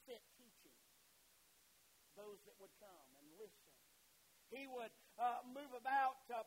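Man, very high voice, sermon, impassioned preaching, emphatic and repetitive, faint hiss. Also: low-quality recording. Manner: impassioned, rising to loud emphatic peaks; repetitive, with frequent filler and "listen" asides.

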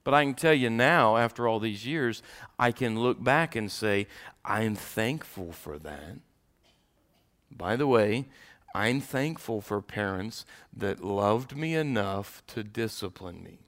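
Bright-voiced man preaching a sermon. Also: lowish voice, expressive, slow pace. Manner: swings from loud preaching to quiet storytelling. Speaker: pastor.

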